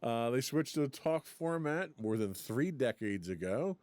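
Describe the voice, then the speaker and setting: A man's voice: medium pitch, animated, unhurried, darkish tone, no echo. A man co-hosting a casual podcast chat, reading from an article and laughing often. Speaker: podcast co-host.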